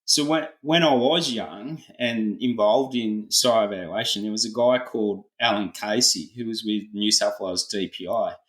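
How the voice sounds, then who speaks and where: A middle-aged Australian farmer telling a laid-back story full of colloquial slang in a casual interview. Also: male voice, lowish voice, normal speed, few pauses, fairly bright tone, reverberant, poor audio. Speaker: farmer, podcast guest.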